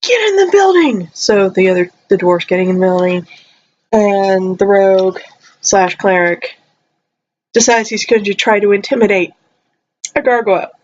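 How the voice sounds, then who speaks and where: A young woman vlogger rambling casually, her voice jumping high when excited, her throat a little dry. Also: normal speed, pauses often. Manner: chatty, rambling, animated with sudden high jumps. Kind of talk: casual chat. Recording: slightly dull lo-fi audio.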